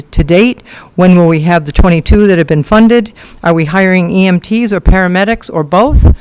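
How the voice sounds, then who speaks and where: A woman's voice: lowish voice, darkish tone, smooth, no echo, poor audio. A woman at a town meeting podium mic, giving public comment and pressing pointed questions with a list of figures. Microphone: podium microphone.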